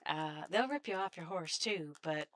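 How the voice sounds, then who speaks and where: A Canadian woman streaming a game chats casually in a Canadian accent, laughing often and talking to the enemies on screen. Her voice sits low, with lively intonation, normal speed, and a fairly bright tone.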